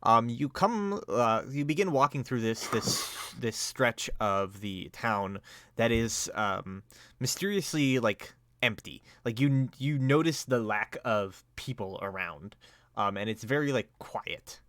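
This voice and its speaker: A man's voice: mid-range voice, animated, slow, fairly bright tone, no room sound. A man narrating a tabletop game as game master, hesitant and full of fillers.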